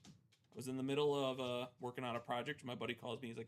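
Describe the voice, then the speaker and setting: A man in his twenties co-hosts a live sports card break, chatting casually and telling animated stories in which he voices the quotes. His voice is mid-range and quick, with slight background noise.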